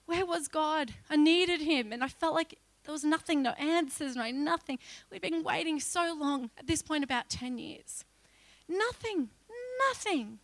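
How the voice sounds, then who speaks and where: A woman giving an emotional personal testimony as a church speaker, acting out her own pleas loudly as she tells the story. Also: sits high, moderate pace, hardly any pauses, no echo. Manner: emotional storytelling that breaks into loud pleading re-enactments.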